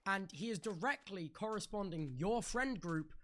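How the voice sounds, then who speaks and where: Interviewer, mid pitch, interrupting, reads quotes aloud. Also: expressive, moderate pace, a bit bright. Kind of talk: livestream discussion.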